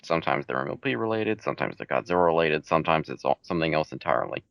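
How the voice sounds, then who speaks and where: A man's voice: a bass voice, lively intonation, rapid-fire, vocal fry, no room sound. A man answering reader questions about his fan fiction in a casual, laid-back Q&A chat, with dry, matter-of-fact answers. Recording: dull home mic recording.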